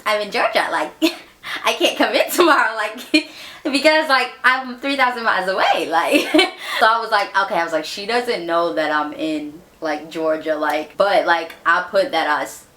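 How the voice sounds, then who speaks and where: A young woman in her twenties telling a story in a casual vlog, chatty and animated, acting out the people she quotes. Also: medium pitch, moderate pace, roomy sound. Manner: chatty, animated, acts out quoted voices, frequent "like", laughs. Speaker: vlogger.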